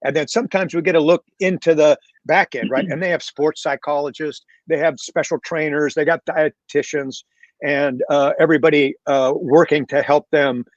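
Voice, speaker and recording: A man's voice: fairly high pitch, fairly even intonation, normal speed, dry recording, muffled recording. A man who is a guest on a video-call panel and talks about self-doubt. He is candid and reflective, with some self-deprecating humor. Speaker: panel guest, real estate leader.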